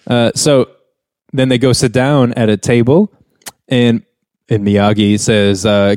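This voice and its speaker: A man co-hosting a podcast, casually recapping a sitcom episode and acting out the characters' lines in higher voices, with frequent chuckles. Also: fairly even intonation, slow pace, pauses often, a little mellow, dry recording, clean studio sound. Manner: laid-back storytelling, acts out quotes in higher voices, chuckles often. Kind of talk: casual chat.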